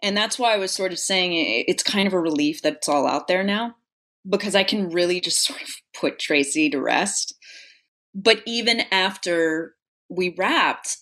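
A young adult woman speaks in a lowish voice, thoughtful and earnest as she is interviewed about her acting work. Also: lively intonation, normal speed, a bit bright. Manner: reflective, earnest, grows emotional. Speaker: actress, interview guest. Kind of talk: casual interview conversation.

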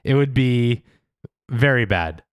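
Lively, laughing male podcast host. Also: mid-range voice, slow, clean tone. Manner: laughs often, animated and joking. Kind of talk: casual podcast chat.

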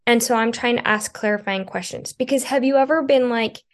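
A woman's voice: a little high, a little fast. A woman marriage coach talking earnestly in a casual podcast conversation, often using filler "like" as she thinks. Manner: earnest, thoughtful, many filler "likes".

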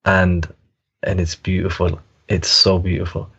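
A man's voice: low-pitched, flat delivery, unhurried, creaky, fairly bright tone, breathy edge, muffled recording. A man telling a story in reflective conversation, hesitant and full of fillers and restarts.

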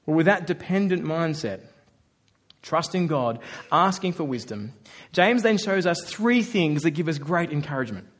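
Animated high-voiced preacher. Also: male voice, normal speed. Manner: animated, acts out quoted voices. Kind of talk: sermon.

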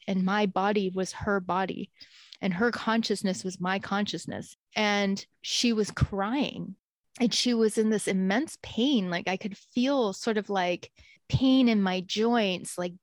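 A woman's voice: mid-range voice, no echo. A woman earnestly telling a heartfelt personal story in casual conversation.

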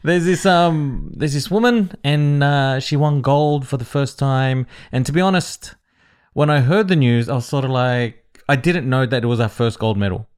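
A man's voice: mid-range voice, normal speed, clean tone. Easygoing man hosting a podcast. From Philippines. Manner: playful, laughs easily. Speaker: podcast host. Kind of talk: casual chat.

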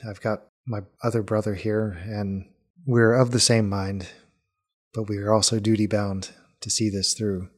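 A man voicing an earnest young man who is bound by duty to his family, speaking in a subdued, measured way. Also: lowish voice, flat delivery, a little mellow. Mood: solemn.

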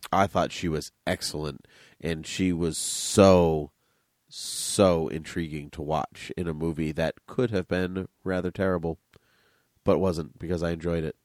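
A man's voice: deep voice, steady tone, unhurried, a little mellow, dry recording, studio quality. A man from Massachusetts, co-hosting a casual movie podcast, chatty and rambling. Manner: chatty, rambling, easily laughing. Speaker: podcast co-host.

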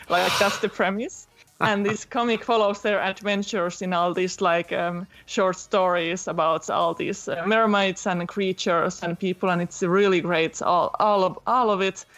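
A chatty woman with a voice, telling a story in a relaxed podcast chat. She talks at a middle pitch and fills her sentences with "like" and "uh". She laughs easily as she goes. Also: measured pace. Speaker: podcast guest recommending a manga. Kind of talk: casual chat.

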